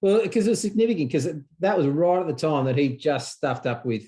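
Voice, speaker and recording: A man's voice: on the high side, brisk. Chatty Australian man hosting. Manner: relaxed, chatty, calls guest mate. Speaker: podcast host. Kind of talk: casual interview.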